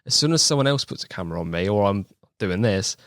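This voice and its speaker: A man's voice: on the low side, expressive, quick pace, a bit bright, no room sound, studio quality. A man with a West Country accent, a guest in a casual podcast chat, talking in an easygoing, thoughtful way and laughing often. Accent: West Country English. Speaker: podcast guest, angling video maker.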